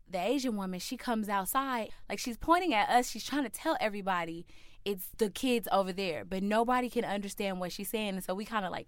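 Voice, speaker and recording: A woman's voice: medium pitch, clean tone, dry recording. A woman telling a personal story to an audience, acting out the voices of the people in it. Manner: animated, acts out quoted voices.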